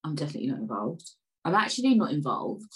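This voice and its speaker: A woman chatting casually to camera over a cup of tea, rambling, flipping between loud outbursts and quiet mutters. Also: low-pitched, big pitch swings, fast, low-quality recording. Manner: sips tea while talking. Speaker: vlogger.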